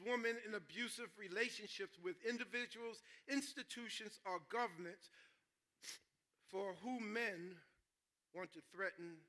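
Man, pastor, sermon, high bright voice, animated. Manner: animated, jokes with the congregation, calls out "stay with me". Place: church.

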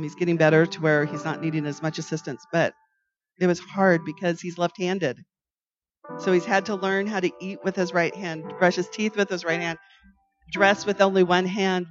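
A woman hosting a devotional podcast, telling a family story in an earnest, conversational way with frequent restarts. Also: on the low side. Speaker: podcast host. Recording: slightly dull recording with faint music.

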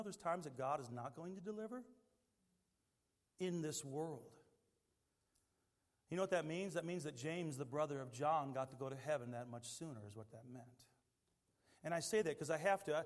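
A man preaching a sermon as pastor, swinging between quiet asides and loud, impassioned pleading. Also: a little high, big-room sound. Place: church sanctuary.

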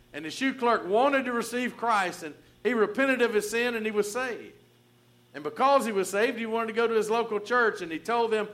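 A man preaching a storytelling sermon with a noticeably high voice. He speaks conversationally, restarting phrases and leaning on "and, uh" as he goes. Now and then he chuckles at his own story. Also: a bit bright. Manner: conversational, many restarts and fillers.

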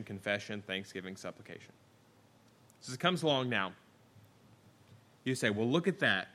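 A middle-aged male preacher with a bright, forceful tone delivers a sermon. He tells the scripture story vividly, acting out the characters' lines with big rises in pitch and dropping to a near murmur for asides. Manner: animated storytelling, acting out the scripture voices with wide pitch swings.

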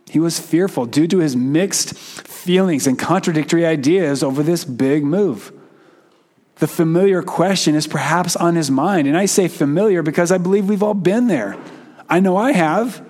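A man delivers a sermon in a fairly high voice. He is earnest and conversational, chuckles often, and acts out the quoted lines like a lively retelling. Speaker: preacher.

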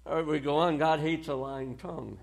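A man preaching a sermon in a slow, deliberate way, pausing often between phrases. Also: on the high side, vocal fry. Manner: slow, deliberate delivery with pauses and short dry laughs.

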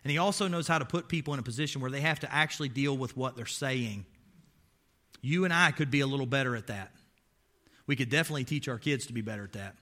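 A man's voice: medium pitch, fast talker, sharp tone. A man preaching a sermon as pastor, emphatic and quizzing his listeners with rhetorical questions, with folksy, wry asides.

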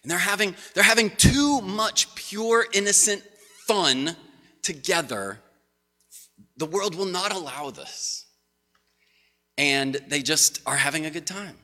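Guy preaching, bright sharp voice, lots of ups and downs, long echo in a big hall. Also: high voice, takes it slowly, pauses often. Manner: animated storytelling to a congregation. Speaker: pastor. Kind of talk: conversational sermon.

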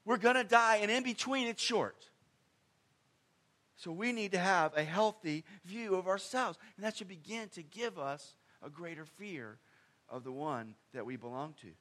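A man's voice: moderate pace, pushed and bright. Man preaching, emphatic and conversational. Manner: conversational preaching with emphatic swings in pitch and volume. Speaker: pastor. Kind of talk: sermon.

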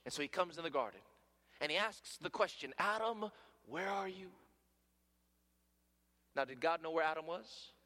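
Bright-voiced preacher man in a reverberant hall. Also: fairly high pitch, quick pace. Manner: swings between loud emphatic peaks and hushed near-whispers; calls the listeners "friends". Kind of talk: sermon.

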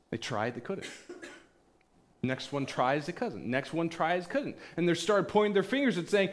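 A pastor preaching a sermon, retelling stories with acted-out quoted voices, swinging between loud bursts and hushed, quiet passages. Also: male voice, sits high, lively intonation, normal speed.

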